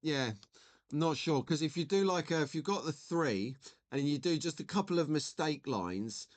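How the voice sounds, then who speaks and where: A man's voice: a little high, expressive, moderate pace. A man in his forties hosting a live stream, chatting in a rambling way and reading out viewer messages. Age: 40s. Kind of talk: casual live-stream chat.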